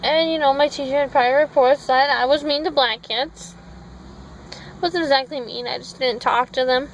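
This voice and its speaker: High-voiced rambling woman. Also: steady tone, moderate pace, a little hiss or hum, rough recording. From Minnesota. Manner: rambling, with tangents and self-corrections. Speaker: vlogger. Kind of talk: casual storytelling vlog. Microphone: phone.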